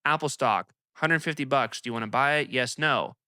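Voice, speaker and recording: A fickle, emotional man peddling stocks at your door, as a man puts him on, with a slow, casual pitch in a bright, clear voice. He sounds close and dry. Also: no room sound, close to an everyday voice. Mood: offering.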